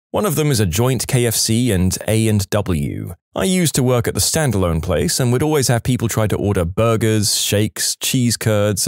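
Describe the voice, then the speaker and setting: A man narrating a string of reader-submitted service-job stories in a wry, deadpan way. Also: fairly low pitch, dry recording, clean studio sound.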